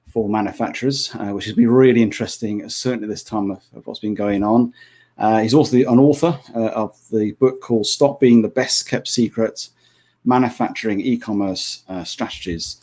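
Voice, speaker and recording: A man's voice: on the low side, moderate pace, a little mellow. A man hosting a podcast interview, speaking hesitantly with frequent fillers and restarts. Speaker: podcast host.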